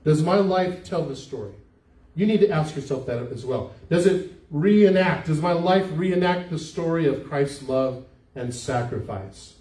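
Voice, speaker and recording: An older man delivers a sermon in a warm, mellow voice that sits a little high. He keeps it conversational and keeps turning questions back to the congregation. The sound is roomy and distant, as if picked up from well back in a church hall. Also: lively intonation, measured pace. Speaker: pastor. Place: church sanctuary. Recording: echoey church hall, mic from far off.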